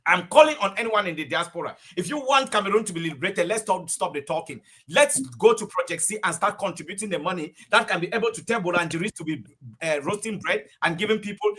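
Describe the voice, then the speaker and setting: A man's voice: sits high, animated, fairly bright tone, husky. A man giving impassioned political commentary as a guest on a panel, emotional and rousing. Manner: emotional, rousing, rapid delivery. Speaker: diaspora commentator.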